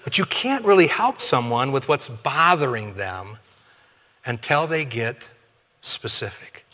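Bright-voiced preacher in a reverberant hall. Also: male voice, mid-range voice, big pitch swings, a little slow. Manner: conversational, humorous, addresses congregation directly. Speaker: pastor. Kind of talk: sermon.

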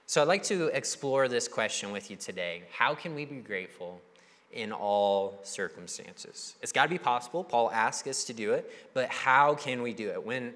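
A young man preaching a sermon as a pastor, talking in a conversational, animated way and acting out the voices he quotes. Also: mid-range voice, normal speed. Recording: long hall reverb.

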